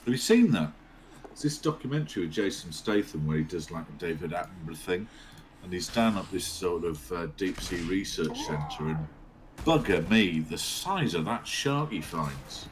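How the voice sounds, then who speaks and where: A man's voice: deep voice, expressive, normal speed, a little hiss or hum. A man co-commentating a game livestream, chatty, joking and swearing freely.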